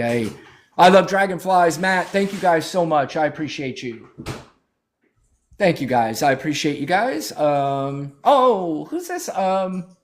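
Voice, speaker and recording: A man hosting a political livestream, talking in a brash, profane, mocking way, thanking viewers and scolding callers. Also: high-pitched. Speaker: livestream host.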